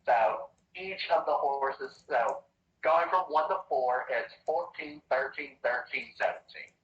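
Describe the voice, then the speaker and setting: A man's voice: mid-range voice, measured pace, lo-fi sound. Echoey, distant man running a tabletop game. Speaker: dungeon master.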